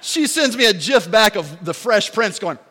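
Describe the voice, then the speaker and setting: A man in his forties, a pastor giving a sermon as an animated, joking storyteller. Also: high-pitched, moderate pace. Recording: long hall reverb.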